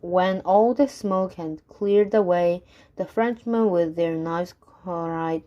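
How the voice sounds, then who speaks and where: A woman reading a rhyming story aloud in a slow, measured delivery. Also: lowish voice, warm tone, lo-fi sound. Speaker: reader.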